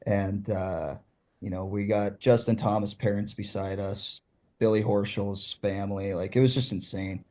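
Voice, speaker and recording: A young man from Ontario, telling an animated story as a guest in casual chat. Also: fairly low pitch. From Ontario, Canada. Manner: animated, excitable.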